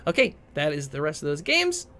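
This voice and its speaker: A man's voice: fairly high pitch, wildly swooping pitch, a little fast, bright, forceful tone, slight background noise. A man acting as game master, tallying rolls aloud and narrating events in a tabletop game. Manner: tallies dice rolls aloud.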